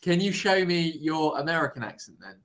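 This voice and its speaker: Easygoing man, casual tutor chat over a video call, slightly high-pitched. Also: animated, brisk, a bit bright. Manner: easygoing, reassuring. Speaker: conversation tutor.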